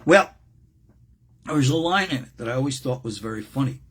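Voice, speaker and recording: An older man, a rabbi, giving an informal religious class, animated and joking with frequent asides and a raspy voice. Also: medium pitch, brisk.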